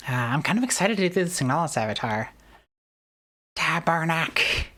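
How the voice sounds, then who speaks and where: Woman streamer, casual chat, low voice, rambling, jokey, self-deprecating. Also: big pitch swings, fast talker.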